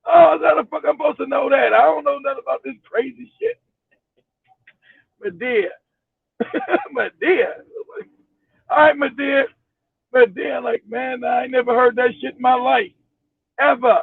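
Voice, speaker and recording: A man's voice: very high-pitched, unhurried, gravelly, long pauses, slightly rough, no room sound. A man from Los Angeles hosting a casual podcast chat, a profane storyteller who laughs as he talks, heard over a tinny phone-like line. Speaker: host.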